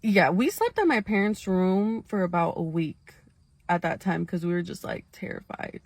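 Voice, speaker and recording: A woman telling her own scary experience in a casual storytime, animated and full of fillers, talking straight to her viewers. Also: lowish voice, moderate pace, dry recording.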